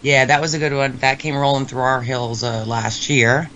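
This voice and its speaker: Animated, joking man on a podcast. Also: medium pitch, moderate pace, slight background noise. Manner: animated, joking, trails off mid-sentence. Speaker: podcast co-host. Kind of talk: casual chat about rock music.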